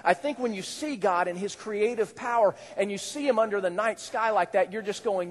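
A male pastor preaching a sermon in a conversational, animated way, with rising exclamations. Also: sits high, normal speed. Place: church hall. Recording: echoey church hall.

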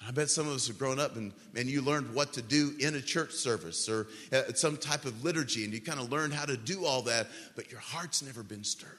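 A man preaching a sermon as pastor, telling the story with animated voices for panicked disciples. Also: mid-range voice, fairly quick, hardly any pauses. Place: church sanctuary. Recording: long reverb of a large hall.

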